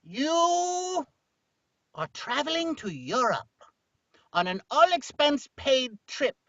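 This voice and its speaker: A man's voice: extremely high pitch, big pitch swings, a bit bright, no echo, lo-fi sound. A man hosting a podcast, rambling playfully through an improvised comic chat. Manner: playful, rambling, quick to joke. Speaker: podcast host.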